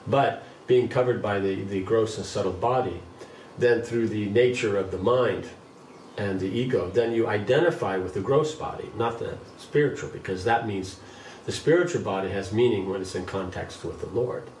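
A man leading a scripture class, reading a passage aloud and then explaining it in an unhurried way. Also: lowish voice, a little mellow, slight background noise. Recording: roomy, distant mic, faint background.

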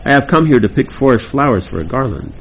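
A man's voice: medium pitch, sing-song, fast talker, a little hiss or hum, pitched above the performer's own voice, low-quality recording. A man reading aloud the part of a lovesick young woman in a devotional play, lamenting.

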